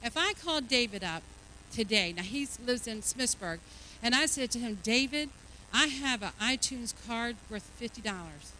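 A woman's voice: on the high side, expressive, slight background noise, low-quality recording. Fervent older woman preaching, drawl. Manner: fervent, rising to loud exhortation, drawn-out emphasis. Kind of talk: sermon.

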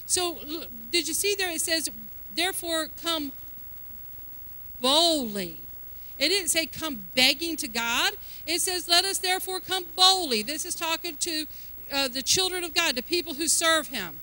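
Woman preacher, high and piercing, emphatic and folksy, questions the congregation. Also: moderate pace, bright, forceful tone. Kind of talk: sermon.

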